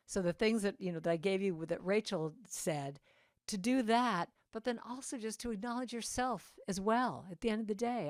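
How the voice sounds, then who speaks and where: A woman with a mid-range voice, recorded dry and clean as in a studio, is a guest speaker at a church service. She gives an inspirational talk in the sanctuary, chatty and meandering, tossing asides to people in the audience.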